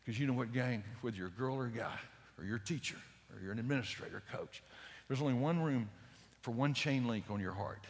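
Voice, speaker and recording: An older man preaching an evangelistic sermon, telling stories fervently and swinging from loud urgent peaks to hushed lows. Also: fairly quick. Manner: storytelling with many repeated words. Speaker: speaker. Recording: long reverb in a large hall.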